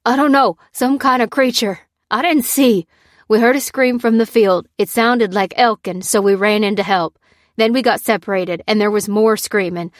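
A woman voicing a panicked bearded male farmer who shouts in a frantic, garbled rush. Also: medium pitch, steady tone, normal speed, no echo, clean studio sound, natural voice.

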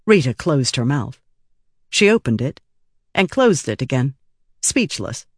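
A male audiobook narrator reading in a measured, even way. His voice sits a little high for a man, and the recording is dry and close with no room sound. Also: dry recording. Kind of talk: scripted narration.

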